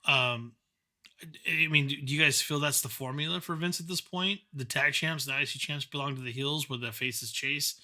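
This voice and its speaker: A man co-hosting a casual podcast chat. His voice is very bright and forward, and he talks loosely, restarting phrases and adding asides. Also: fairly high pitch. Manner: rambling, restarts and quick asides. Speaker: podcast co-host.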